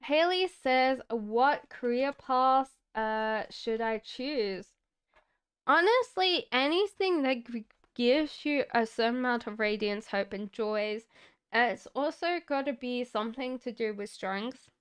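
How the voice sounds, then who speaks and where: Slow, smooth-voiced Australian woman. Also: on the high side. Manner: chatty, laughs often, many fillers. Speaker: tarot reader. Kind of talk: live-stream tarot reading.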